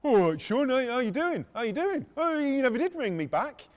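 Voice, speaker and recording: A man's voice: very high voice, big pitch swings, normal speed, in a large hall, voice pushed up. A man putting on the voice of an odd, overfamiliar former worker who keeps pressing questions. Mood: pushy chummy. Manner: pushy, chummy, repeating himself.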